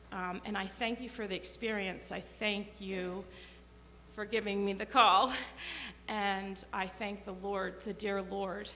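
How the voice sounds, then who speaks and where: A woman speaking at a memorial, halting with many fillers as she gives heartfelt thanks. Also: mid-range voice, creaky, a bit bright. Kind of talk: memorial speech. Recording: echoey hall with faint hum.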